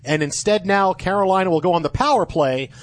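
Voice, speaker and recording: Excitable high-voiced sports radio man. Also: brisk, dry recording. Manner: excitable, jokey, breaks into loud cheers. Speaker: sports radio fill-in host.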